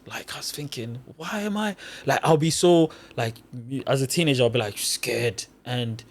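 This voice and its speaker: A young man from Nigeria chats as a podcast guest, his voice sitting a bit high for a man. He tells stories with energy and acts out what other people said. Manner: animated storyteller, acts out quotes. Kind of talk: casual podcast chat.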